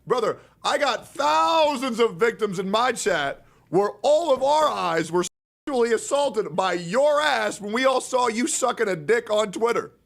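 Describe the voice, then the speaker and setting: A male streamer ranting into his stream, crude and heated, swinging between mockery and calmer appeals. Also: extremely high pitch, measured pace, creaky. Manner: crude, heated and mocking, then conciliatory. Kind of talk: angry streamer rant to the camera.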